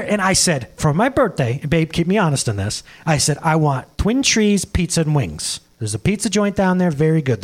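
Animated man preaching with lively pitch. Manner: animated, jokey storytelling with laughs and quick asides. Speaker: pastor. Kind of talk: sermon.

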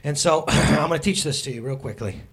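A man's voice: on the high side, a little fast, gravelly, fairly bright tone, husky. A man preaching a casual sermon in church, joking and addressing the congregation directly. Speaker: pastor. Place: church sanctuary.

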